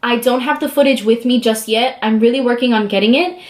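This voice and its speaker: A young woman vlogger telling a story in a casual, chatty way while she does her makeup, acting out the quotes. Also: brisk. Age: young adult. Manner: animated, chatty, acts out quotes with high squeals.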